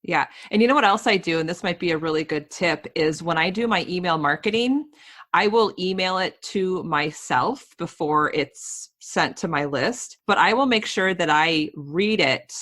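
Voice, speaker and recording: A woman who is a mother, hosting a podcast and chatting in a relaxed, conversational way. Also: fairly low pitch, normal speed. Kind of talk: casual interview chat.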